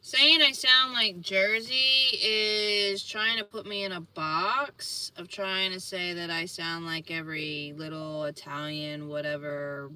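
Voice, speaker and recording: A woman's voice: fairly low pitch, bright, forceful tone, distant mic. A woman with a Philadelphia accent talking casually on a livestream, rambling at times and turning combative and emphatic. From Philadelphia and New York. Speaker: spiritual healer streamer answering viewers.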